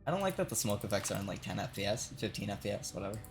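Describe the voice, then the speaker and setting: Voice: low-pitched, sing-song, rapid-fire, music in the background. A young adult game streamer telling a long work story while playing, swearing often, laughing, and filling with "like" and "right?". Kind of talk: casual rambling storytelling while gaming.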